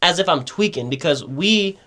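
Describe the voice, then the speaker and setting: A man's voice: fairly high pitch, lively intonation, moderate pace, pushed and bright. A young man telling a rambling, profane party story in casual podcast chat, peppering it with "right?".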